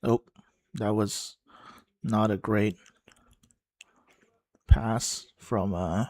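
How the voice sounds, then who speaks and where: A man giving casual live play-by-play of a football match for a watchalong, slow and halting, pausing and musing between calls. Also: fairly low pitch, steady tone, a little mellow, no echo. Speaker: watchalong commentator.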